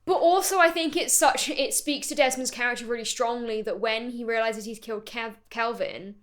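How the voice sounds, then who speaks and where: A woman's voice: fairly high pitch, moderate pace, fairly bright tone. A woman co-hosting a comedy podcast, chatting casually about a TV show and often restarting her sentences mid-thought. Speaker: podcast co-host.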